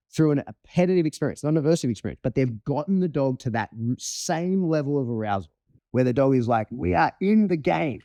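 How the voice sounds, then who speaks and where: Brief: animated, foul-mouthed male dog trainer, mellow voice, dry close sound. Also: fairly high pitch, no room sound. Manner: animated, profane, acts out scenes. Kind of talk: casual conversational explanation.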